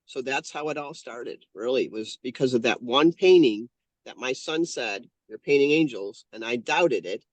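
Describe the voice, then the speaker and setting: A man in his fifties tells a personal story as an interview guest, speaking in an earnest, heartfelt way and often restarting his sentences. His voice sits at an ordinary pitch for a man. The recording is close and dry, with almost no room sound. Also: expressive, moderate pace, no echo. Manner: earnest, heartfelt, lots of self-corrections. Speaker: guest, painter and channeler.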